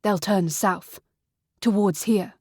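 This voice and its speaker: In an audiobook, a woman narrator reads the part of a tall, steady young man, speaking calmly and matter-of-factly at a slow pace. Her voice is close and dry with an even pitch, with no room sound.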